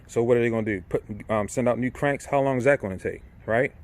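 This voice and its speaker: A man's voice: medium pitch, quick pace. A middle-aged man in an irate, casual rant, repeating himself, swearing and often asking "right?". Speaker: vlogger. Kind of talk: casual ranting monologue.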